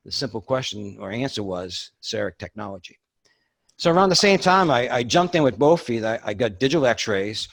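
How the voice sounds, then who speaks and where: A man's voice: medium pitch, sing-song, brisk, fairly bright tone, no echo. An older man with a Boston accent, a dentist telling his story as a podcast guest. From Boston area, USA. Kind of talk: podcast interview.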